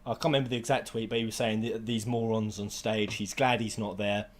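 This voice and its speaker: A man giving an angry, sweary rant to camera as a gaming vlogger, with bursts of near-shouting. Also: on the low side, flat delivery, brisk.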